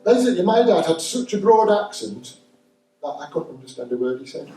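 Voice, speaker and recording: Northern English male stand-up, dry and wry, lively pitch, slightly raised voice, roomy distant live recording. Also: brisk, over loud music. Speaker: stand-up comedian. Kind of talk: stand-up comedy set. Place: live comedy venue with audience.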